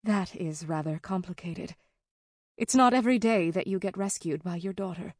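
A woman voicing a middle-aged mother who speaks in a measured, hesitant way. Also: lowish voice, no echo, clean studio sound, natural voice. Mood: guarded.

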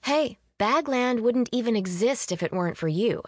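A woman reading an audiobook, voicing a lively young woman in a raised, playful voice. She keeps the character light and teasing. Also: medium pitch, normal speed, no room sound, studio quality, close to an everyday voice.

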